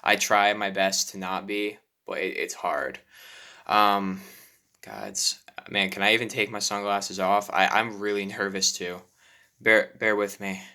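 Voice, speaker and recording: Nervous young man, bright and halting. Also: lowish voice, fairly even intonation. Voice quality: self-deprecating, apologetic. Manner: nervous, halting, many restarts and sighs. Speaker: YouTuber. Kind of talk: personal confessional vlog.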